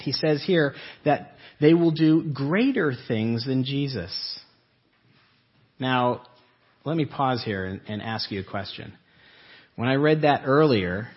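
Husky-voiced male pastor preaching. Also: medium pitch, lo-fi sound. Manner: earnest, asks the congregation questions. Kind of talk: sermon. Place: church sanctuary.

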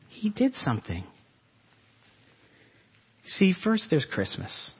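A man preaching an earnest Easter-season sermon to his congregation, his voice swelling and then dropping soft. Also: sits high, huge pitch swings, takes it slowly, long pauses, breathy edge, highs cut off. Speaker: pastor.

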